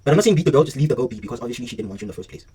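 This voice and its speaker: Man, storytime vlog, very fast, husky, slangy and animated, recorded from a distance. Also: medium pitch. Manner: slangy, animated retelling with acted-out dialogue. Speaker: vlogger telling a story. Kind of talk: casual storytime monologue.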